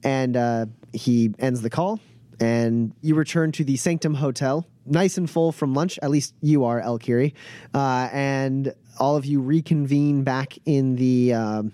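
Male GM narrating a tabletop game, halting, dry close sound. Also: medium pitch, dark tone, dry recording. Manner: halting, many fillers and restarts, laughs often. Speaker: game master.

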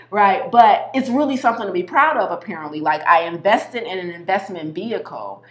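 A woman giving a casual motivational talk, animated and full of slang, repeating herself and restarting sentences. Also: mid-range voice, a little fast, hardly any pauses, roomy sound. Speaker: health coach.

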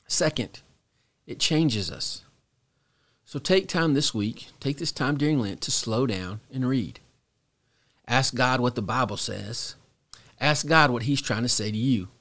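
An earnest middle-aged man teaches on a devotional podcast, his voice sitting in an ordinary middle register. He talks slowly and reflectively, with long pauses. At key moments he sinks to a soft hush. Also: mid-range voice. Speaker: pastor.

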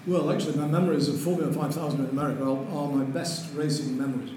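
Older man, lively storyteller, slightly high voice, very echoey room, faint noise. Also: fast. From Lancashire, England. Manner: lively, chuckles through stories. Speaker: interview guest, racing driver. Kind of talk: anecdotal storytelling.

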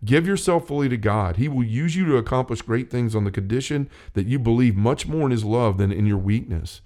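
A man of average pitch talks earnestly about faith, sounding like a preacher in a casual chat. He piles up fillers and restarts as he makes his point. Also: brisk, dark tone. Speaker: co-host of a Catholic talk show. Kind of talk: casual faith talk, reading quotes.

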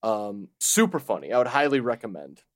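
A man's voice: mid-range voice, very animated, brisk. A man co-hosting a podcast, rambling casually with lots of fillers and restarts. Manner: rambling, hesitant with many fillers, laughs often. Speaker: podcast co-host. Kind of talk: casual chat.

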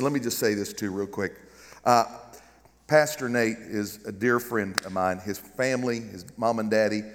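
A fairly low-pitched middle-aged man, Southern American in accent, guest-preaches a humorous sermon with lively jokes and calls for amens. The big-room sound of a large balconied church comes with a little hiss or hum.

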